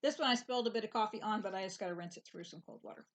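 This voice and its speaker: A woman in relaxed, rambling casual chat who teases her friend. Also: mid-range voice, very fast, slight background noise. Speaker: host.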